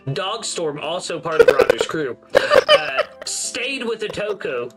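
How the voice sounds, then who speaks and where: A man's voice: high voice, takes it slowly, poor audio. A man hosting a casual livestream chat, talking to his co-hosts and the chat with frequent laughs. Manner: animated, laughs often, addresses chat. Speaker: stream host. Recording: music playing behind.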